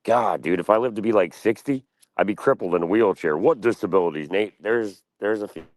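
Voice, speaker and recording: A man's voice: on the low side, brisk. A young man streaming in the morning, rambling and cursing, and talking about himself in the third person. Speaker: live streamer.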